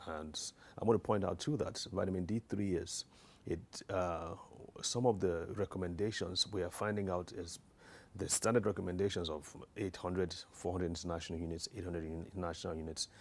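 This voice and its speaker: A man's voice: sits low, fairly even intonation, a little fast, creaky. A man giving an informal educational health talk, earnest and hesitant with frequent restarts and fillers.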